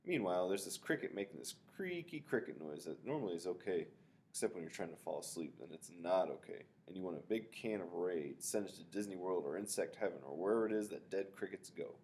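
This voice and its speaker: A man reading a novel aloud in a relaxed first-person telling, with casual asides. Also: low voice, a little fast, slight background noise. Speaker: reader of a novel.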